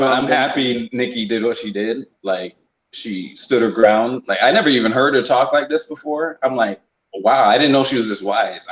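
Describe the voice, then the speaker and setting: A man hosting a casual podcast, with a mid-range voice. He talks in a rambling, emphatic way, doubling back on his words, and the room around him rings with echo. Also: medium pitch. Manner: rambling, emphatic, lots of restarts. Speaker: podcast host. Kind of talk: casual opinion talk.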